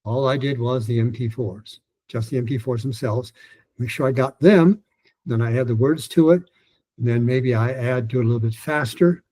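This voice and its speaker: Mellow, husky older man teaching. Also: medium pitch, moderate pace, rough recording. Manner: explains step by step, stretching sounds to demonstrate. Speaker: pronunciation teacher. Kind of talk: online lesson with demonstrations.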